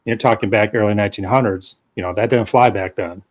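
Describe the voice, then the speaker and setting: Man, podcast host, rambling casual talk, lots of fillers, lowish voice. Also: fast. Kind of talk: casual interview chat.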